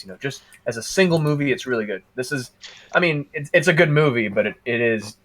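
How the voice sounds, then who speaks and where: A man on a podcast casually telling a story, animated and laughing through his own anecdotes. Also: medium pitch, fairly quick.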